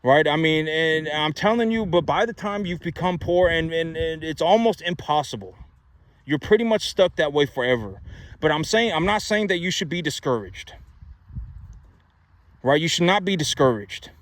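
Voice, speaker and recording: In a casual, emphatic monologue, a man hands out money advice, repeating himself and tossing in plenty of rhetorical "right?" asides. His voice is a little high and expressive, at normal speed, and the recording is dry.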